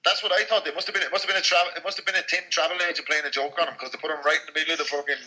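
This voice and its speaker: An Irish man talks on a podcast over an iPhone line, as a guest musician in casual chat. His delivery is quick, and he swears freely as he spins his stories. His voice has a strikingly bright, forward tone. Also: on the high side, rough recording. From Ireland. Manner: blunt, sweary, animated storyteller. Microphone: iPhone call.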